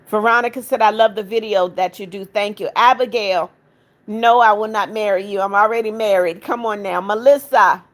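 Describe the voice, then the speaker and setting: A middle-aged woman hosting a livestream, reading viewer comments aloud, warm to kind viewers and firm with rude ones. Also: mid-range voice, steady tone, moderate pace. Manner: firm, scolding rude commenters, affectionate to others. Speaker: livestream host reading chat. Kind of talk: casual live chat.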